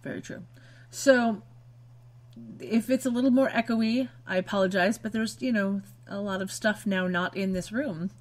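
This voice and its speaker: A woman co-hosting a casual podcast from a home room, with a middle-pitched, everyday voice. She answers with dry little remarks and keeps steering the conversation back to the episode. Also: steady tone, moderate pace. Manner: dry, keeps the show on track. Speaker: podcast co-host. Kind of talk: casual chat. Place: home room being moved out of.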